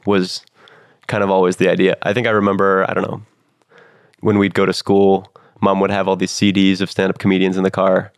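A young man in his twenties tells stories casually and rambles, with plenty of fillers. His voice is low and gravelly. The recording is close and dry. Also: flat delivery, fairly quick, no room sound. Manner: rambling, self-deprecating, many fillers. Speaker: guest comedian. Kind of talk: casual interview talk.

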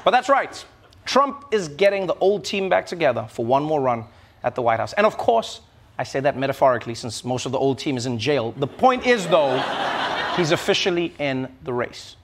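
A man's voice: a little high, very animated, normal speed. A male host delivering a sarcastic, mocking comedy monologue with big swings in his voice. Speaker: late-night comedy host. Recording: noisy recording.

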